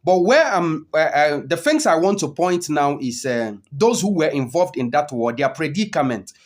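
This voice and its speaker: A man giving an unscripted history lesson, often pausing with "okay" and "um" and repeating his key points. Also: on the high side, animated. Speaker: history teacher.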